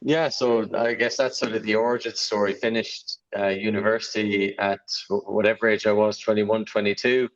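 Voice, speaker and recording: Mild Irish-accented man, low, muffled line. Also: flat delivery, moderate pace, hardly any pauses. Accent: mild Irish, softened by Australian and English. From Ireland. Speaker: guest, sales professional. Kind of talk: conversational podcast interview.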